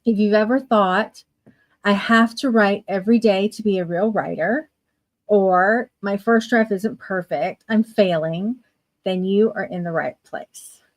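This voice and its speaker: A woman's voice: medium pitch, unhurried. A woman hosting a writing livestream, chatting casually and greeting viewers fondly by name. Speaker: livestream host of writing sprints.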